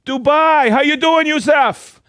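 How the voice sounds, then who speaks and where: With a very high-pitched, fairly bright voice, a man runs a live product show and cheerfully jokes his way through viewers' names and hometowns. He speaks a little slowly, and the audio carries no echo.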